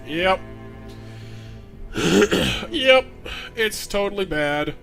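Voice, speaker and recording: A man's voice: on the high side, sing-song, normal speed, bright, forceful tone, soft background music. A man streaming a game live, chatting casually to viewers with stammering restarts and light chuckles.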